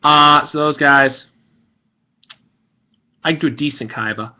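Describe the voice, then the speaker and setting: A man's voice: fairly high pitch, a little slow, bright, forceful tone. A young man ranting in a rambling, salty and profane way as he gives casual commentary on an online game he was playing. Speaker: gaming video creator. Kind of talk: rambling gaming commentary rant.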